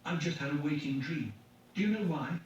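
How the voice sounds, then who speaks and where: A man's voice: high-pitched, slow, pitched above the performer's own voice. Man putting on a raised, strained voice for a bitter young man. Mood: urgent. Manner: urgent, strained delivery. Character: young man, intense and bitter, edging on hysteria. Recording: echoey, distant, dull lo-fi, faint hiss.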